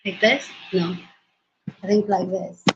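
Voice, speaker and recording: A woman hosting a casual livestream from her mobile phone, hyper, excitable and loud as she greets her viewers. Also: medium pitch, measured pace, heavy background noise. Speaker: livestream host. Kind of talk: casual live-stream chat. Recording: roomy, dull lo-fi phone audio.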